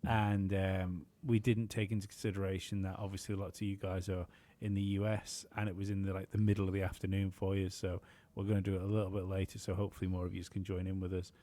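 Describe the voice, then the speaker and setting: Rambling man, low voice. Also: flat delivery, fast talker, hardly any pauses, mellow. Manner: rambling, full of fillers and swearing. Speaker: podcast co-host. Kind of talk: casual podcast chat.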